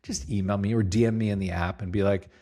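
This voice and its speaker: A man's voice: lowish voice, fast. A middle-aged man, a company CEO, being interviewed as a guest, telling stories casually and acting out quotes. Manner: lively storyteller, acts out quotes, laughs easily.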